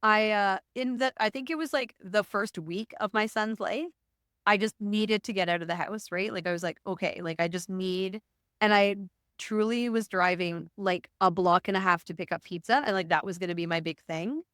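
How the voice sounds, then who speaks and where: A woman guest on a podcast, telling stories in a lively way and acting out what she once said. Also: medium pitch, moderate pace, no room sound, studio quality. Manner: animated storyteller, acts out her own past words. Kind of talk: casual conversation.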